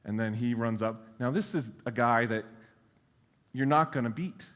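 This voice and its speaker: Male keynote speaker, mid-range voice, relaxed and self-mocking, plenty of "um"s, long hall reverb. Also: mid-range voice, moderate pace. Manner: casual and self-deprecating, with frequent fillers and blunt swearing. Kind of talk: conference keynote talk. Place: large conference hall.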